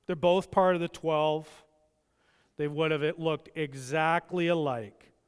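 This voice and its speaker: A man with a high, smooth, resonant voice preaches a sermon in a church. He delivers it with passion and often slips into the voices of the people he quotes. A long hall reverb trails behind every phrase. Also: steady tone, slow pace. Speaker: pastor.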